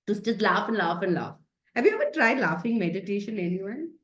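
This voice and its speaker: A woman's voice: medium pitch, big pitch swings, brisk, fairly bright tone. A woman, a happiness coach giving a chatty, playful self-care talk over a video call, often laughing and coaxing her listeners.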